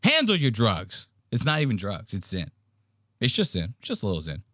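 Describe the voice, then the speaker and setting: Animated, profane male podcast host. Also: deep voice, fairly quick, no room sound, studio quality. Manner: animated, profane, acts out quotes in varied voices. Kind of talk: casual commentary on clips.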